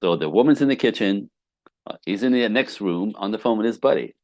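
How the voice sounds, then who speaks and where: A man who is a relationship coach, telling client stories on a podcast with lively acted-out quotes and casual swearing. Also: lowish voice, a little fast, dry recording. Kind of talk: podcast interview guest.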